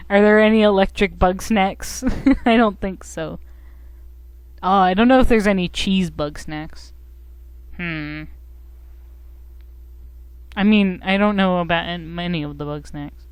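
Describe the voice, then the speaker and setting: A woman's voice: lowish voice, slow, long pauses, clean tone, dry recording. A young woman streaming a video game, chatting casually with goofy, giggly, self-mocking commentary.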